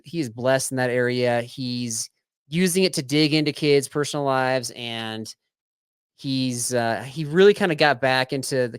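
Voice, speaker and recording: A man's voice: mid-range voice, clear, resonant tone, no room sound, clean studio sound. A man co-hosting a podcast, playfully reading trivia questions like a teacher and thanking supporters in casual chat. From Colorado. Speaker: podcast co-host.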